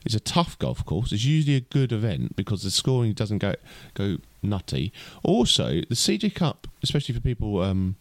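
A man's voice: fairly low pitch, sing-song, normal speed, few pauses, dry recording. A man co-hosting a casual podcast chat, rambling with lots of restarts. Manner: chatty, lots of fillers and restarts. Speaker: podcast co-host.

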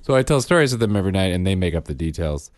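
A man chatting casually as a podcast co-host and parent, telling animated stories about his kids, acting out their voices and laughing often. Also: low voice, racing, no room sound, studio quality. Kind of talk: casual chat.

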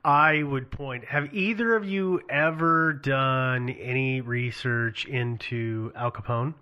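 A man's voice: medium pitch, takes it slowly, lo-fi sound. A man in casual conversation who explains things and voices his doubts. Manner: skeptical, explanatory. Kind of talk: casual chat.

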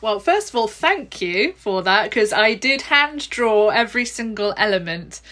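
A woman, an author and illustrator speaking as a guest in a podcast interview, chatty and quick to laugh. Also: a little high, lively intonation, a bit bright.

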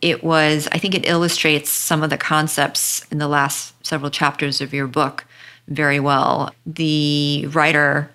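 Woman, podcast host, low pitch, expressive reading aloud. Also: a little slow, smooth. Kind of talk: interviewing, reading a post aloud.

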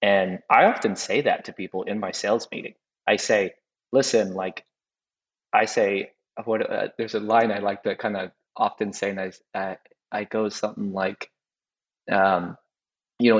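A man's voice: lowish voice, steady tone, normal speed. A man, a custom home builder, chatting as a guest in a reflective way and often repeating words while he thinks. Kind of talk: casual conversational chat. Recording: dull sound with long reverb.

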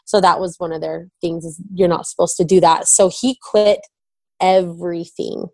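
A woman's voice: lowish voice, steady tone, moderate pace, mellow, no room sound. A young woman candidly telling an emotional personal story, often quoting herself and her husband. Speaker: guest, wife of a recovering addict.

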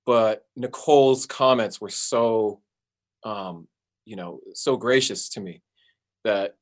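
A man who is a singer, chatting casually as an interview guest, relaxed and easygoing, with many fillers. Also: lowish voice, slow pace. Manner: relaxed, laid-back, with fillers and playful sung bits.

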